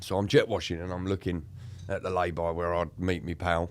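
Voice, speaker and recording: This co-host in recovery shares a personal story in podcast conversation, emotional and profane, acting out what people told him. His low voice is smooth and a little fast, with a flat delivery.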